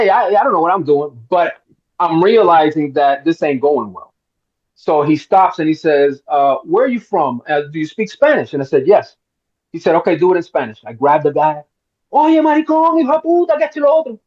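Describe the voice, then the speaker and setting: A middle-aged man from Miami, fairly high-pitched, spins a long story at a roundtable and slips into the voices of the people in it. The sound is a little dull and lo-fi. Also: moderate pace. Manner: animated storyteller, acts out quotes. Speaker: actor guest.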